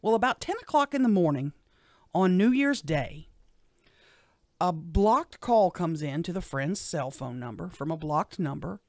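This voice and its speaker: A middle-aged woman, a radio show guest telling a personal story in an animated way. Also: fairly low pitch, measured pace, no room sound, clean studio sound. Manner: animated storyteller, acts out what others said.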